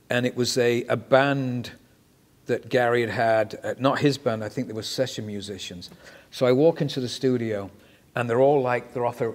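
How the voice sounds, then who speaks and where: A man from Manchester with a mid-Atlantic accent, a musician and actor telling stories in a casual interview, swearing freely. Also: mid-range voice. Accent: mid-Atlantic, Mancunian mixed with American. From Manchester, England. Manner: swears freely, animated anecdotes, trailing off softly.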